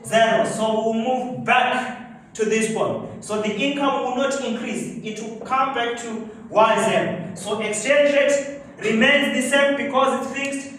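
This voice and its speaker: High-voiced male lecturer in an echoey classroom. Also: steady tone, unhurried, fairly bright tone. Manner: quizzes class with fill-in-the-blank questions. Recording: very echoey room from far off, faint noise.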